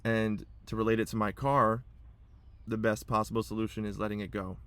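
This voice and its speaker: Young adult man, lowish voice, vlogging from his car; rambling, emotional, on the verge of tears. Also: level tone, a little fast, a bit bright, smooth, no room sound. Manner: rambling, restarts and repeats himself. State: emotional, holding back tears. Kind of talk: personal vlog monologue.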